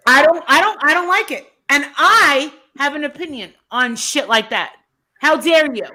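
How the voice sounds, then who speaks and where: A woman's voice: high voice, animated, moderate pace, sharp tone. A woman on a live stream chat, talking bluntly and ranting with lots of profanity.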